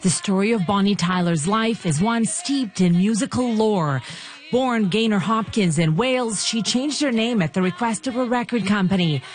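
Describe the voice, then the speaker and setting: A woman's voice: medium pitch, moderate pace. Woman narrating a radio news feature. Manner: polished, storytelling reporter delivery. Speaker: news reporter.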